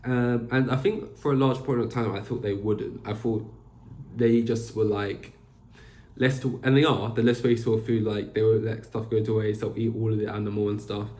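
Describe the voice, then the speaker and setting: A man's voice: lowish voice, little pitch movement, normal speed, warm tone. A young man hosting a podcast alone, rambling casually with lots of fillers and restarts. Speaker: podcast host. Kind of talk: casual solo chat. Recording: echoey room.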